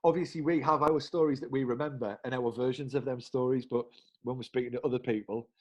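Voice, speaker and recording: A man in his thirties with a northern English accent, co-hosting a podcast and telling an anecdote in a lively, chuckling way with local slang. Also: medium pitch, fast, husky. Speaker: podcast co-host. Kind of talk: casual storytelling chat.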